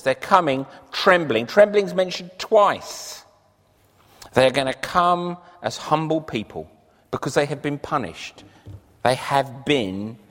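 A man's voice: medium pitch, a bit bright. A man preaching a sermon earnestly, lifting his voice on key phrases. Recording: long reverb of a large hall.

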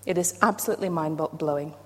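A woman preaching a sermon, playful and self-deprecating, with animated emphasis. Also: deep voice, fast talker, breathy edge. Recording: long hall reverb.

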